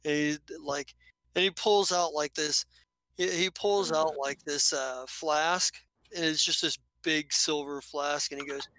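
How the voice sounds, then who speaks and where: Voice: medium pitch, steady tone, measured pace, pushed and bright, a little hiss or hum. A game master narrating a tabletop game in a loose, rambling way full of fillers.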